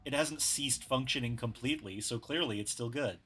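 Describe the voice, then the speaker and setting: A man's voice: mid-range voice, brisk, a bit bright, soft background music. A man from New York, streaming and chatting casually, laid-back and sweary, speaking into a desktop USB mic. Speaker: streamer host. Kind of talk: casual chat while drawing on stream. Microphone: desktop USB microphone.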